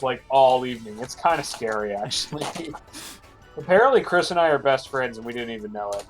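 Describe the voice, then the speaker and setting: A man with a stuffed-up nose talks casually as a guest on a game stream, in a mid-pitched voice. He rambles and jokes, padding his sentences with fillers. Faint game music plays behind him. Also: animated, fairly quick. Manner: rambling, filler-heavy, jokey.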